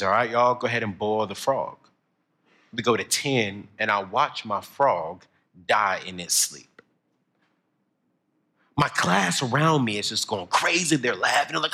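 Energetic young man preaching. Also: medium pitch. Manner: storytelling, building to shouted emphasis. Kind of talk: motivational sermon.

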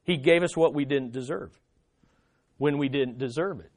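A man's voice: medium pitch, moderate pace. A man preaching a sermon, emphatic, repeating phrases and asking the congregation questions. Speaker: pastor.

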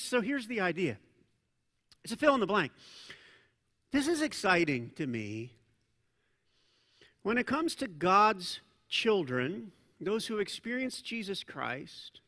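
A male pastor preaching a sermon in a conversational, animated way, with asides and self-corrections. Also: sits high. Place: church sanctuary. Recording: long reverb of a large church hall.

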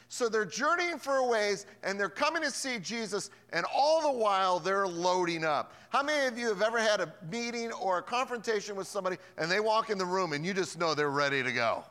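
A man preaching a sermon as a pastor, moving between hushed storytelling and loud, emphatic preaching. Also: sits high. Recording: long hall reverb.

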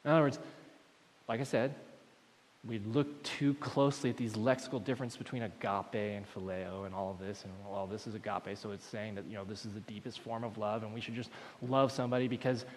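Male pastor, sermon, emphatic then hushed, long hall reverb, mid pitch. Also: fairly quick. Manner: animated preaching, swings from loud emphasis to quiet asides.

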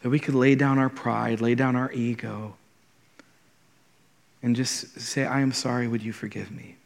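A man's voice: medium pitch, flat delivery, a little slow, vocal fry. A man, a pastor, preaching a conversational and earnest sermon in his thirties, often repeating words as he starts a thought. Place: church sanctuary. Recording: long hall reverb.

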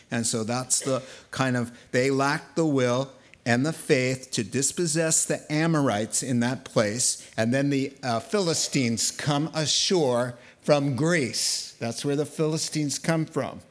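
A man preaching a sermon, telling a Bible story in an animated, playful way. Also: mid-range voice, takes it slowly. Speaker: pastor.

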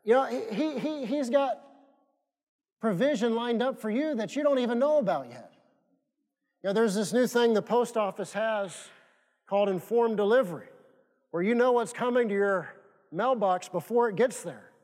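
A man with a strikingly high voice preaches in a church sanctuary. He hammers his points home by repeating them and calling on the congregation to answer back. A long hall reverb trails after every word. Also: lively intonation, normal speed, a little mellow. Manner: repetitive, emphatic preaching with call-and-response prompts. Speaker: pastor. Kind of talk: sermon.

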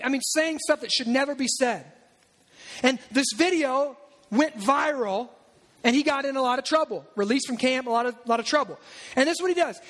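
Animated high-voiced male preacher. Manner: animated, conversational preaching with asides and acted-out quotes. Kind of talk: sermon.

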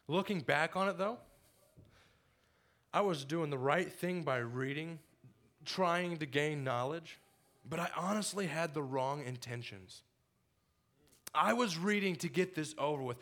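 Young man giving a lively testimony. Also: a little high, measured pace, long pauses. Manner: animated storytelling, laughing often; acts out his own past quotes. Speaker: church member giving testimony. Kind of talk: personal testimony to a congregation.

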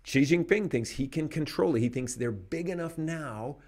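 A man hosting a podcast, speaking in an animated, emphatic way and laughing between points. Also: a little high, moderate pace. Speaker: podcast host. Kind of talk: conversational commentary.

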